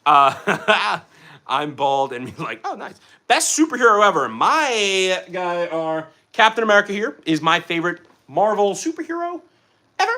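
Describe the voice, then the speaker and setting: A young man hosts a casual livestream, reading viewer comments and chatting with rambling energy. His pitch jumps quickly and he breaks into bursts of laughter.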